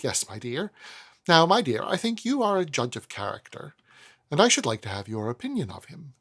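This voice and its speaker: A man's voice: a little high, big pitch swings, normal speed, fairly bright tone, heavily acted. A man reading aloud and voicing a stately, proud old woman who boasts of her family pedigree, in a raised voice with a put-on Welsh lilt. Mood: confiding. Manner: lofty, fond, confiding.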